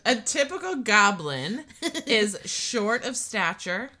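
Bright, lively woman chatting casually. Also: medium pitch, slow pace, a little hiss or hum. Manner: giggly, reads notes aloud between laughs. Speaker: podcast co-host. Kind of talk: casual chat.

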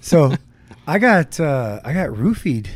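A man's voice: a little high, very animated, slow pace, no room sound. A young man co-hosting a podcast, telling a long personal story in casual chat, rambling with fillers and frequent swearing. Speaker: podcast co-host.

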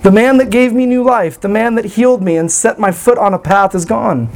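A man delivering a sermon with a fairly high-pitched voice. He preaches earnestly but conversationally, dropping in light self-deprecating asides. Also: brisk, vocal fry, darkish tone, low-quality recording. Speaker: pastor.

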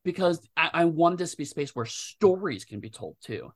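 A man, a game designer guest, talking at length in a rambling, animated way with many restarts. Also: fairly high pitch, moderate pace. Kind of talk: casual interview chat.

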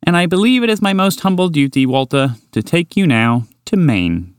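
A man's voice: on the high side, big pitch swings, normal speed, clean tone, no echo, studio quality, voice pushed up. A man playing a polite, quirky giant horse. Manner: polite and dreamily enthusiastic. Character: enormous eccentric male horse, polite and excitable.

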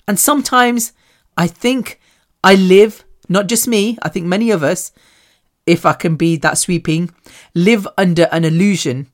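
A woman, hosting a solo podcast and telling personal stories in an animated, chatty way, often laughing. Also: a little slow. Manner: animated and chatty, with frequent laughs and big swings in pitch. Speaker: podcast host.

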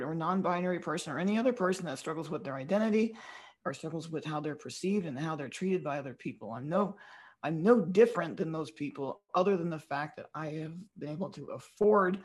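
A woman with a breathy, weak voice, talking frankly as a guest in a casual interview. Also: low-pitched, fairly quick, low-quality recording. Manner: frank, talks in restarts and lists. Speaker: comedian guest.

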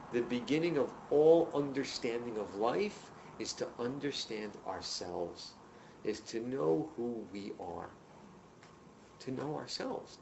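A man teaching a class, telling stories in an animated, emphatic way and addressing the students directly. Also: a little high, highs cut off, a little hiss or hum. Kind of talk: lecture to a class. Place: room with students.

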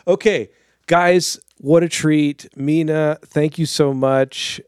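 A man's voice: on the high side, steady tone, slow pace, clear, resonant tone, no echo, clean studio sound. A man moderating a casual podcast, playful and teasing as he questions each panelist in turn.

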